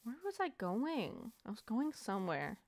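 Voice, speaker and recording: A woman's voice: fairly high pitch, big pitch swings, normal speed, gravelly, darkish tone, no echo. A woman giving casual, rambling gameplay commentary, muttering self-deprecating asides to herself as she plays. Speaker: let's play gamer.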